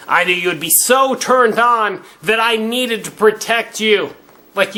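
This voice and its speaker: A man's voice: on the high side, sharp tone. Drunk man in a crude cocky rant. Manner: crude, cocky, swearing constantly. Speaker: vlogger. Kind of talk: rambling profane rant to camera.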